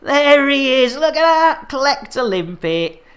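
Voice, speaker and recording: A man's voice: very high-pitched, lively intonation, measured pace, fairly bright tone. A man commentating his live game stream, chatting with viewers in a jokey manner full of innuendo.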